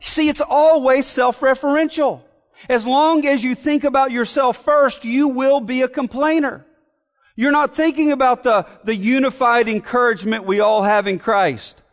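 A man's voice: very high voice, moderate pace, in a large hall. A man preaching an expository sermon in an earnest way, repeating key phrases and asking rhetorical questions. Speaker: pastor.

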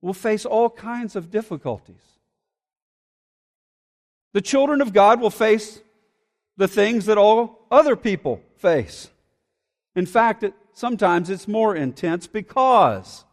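A man preaching a sermon as pastor, swinging from quiet, low passages to loud, raised cries. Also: animated, slow, pauses often, in a large hall. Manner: preaching with dramatic swings in pitch and loudness.

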